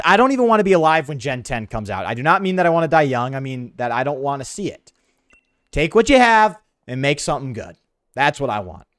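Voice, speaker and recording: A young man with a higher voice streams a game, rambling sarcastically at his chat in slangy, offhand talk. It's casual let's-play commentary with no room sound.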